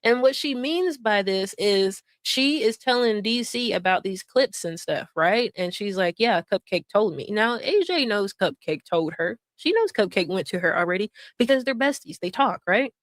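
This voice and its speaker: A woman's voice: medium pitch, lively intonation, moderate pace, few pauses, no echo. A woman hosting drama commentary, sarcastic and laughing as she mocks and mimics others. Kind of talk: mocking commentary over stream clips.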